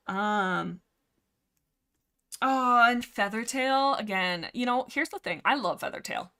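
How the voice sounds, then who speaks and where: A woman's voice: a little high, expressive, takes it slowly, sharp tone. A young woman hosting a livestream, chatting casually about a book series in a rambling way, full of fillers, restarts and side comments. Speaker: livestream host.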